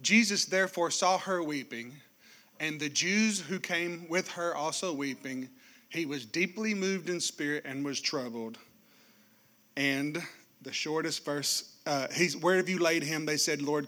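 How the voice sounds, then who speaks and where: A man preaching a sermon, swinging from loud declarations to hushed, quiet passages. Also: a little high. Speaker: pastor.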